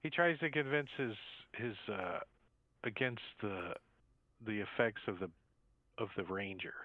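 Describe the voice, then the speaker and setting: A man's voice: fairly low pitch, unhurried, dry recording. Man narrating a tabletop game. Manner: loose, rambling narration with many fillers. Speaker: game master. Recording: tinny dry phone-like line.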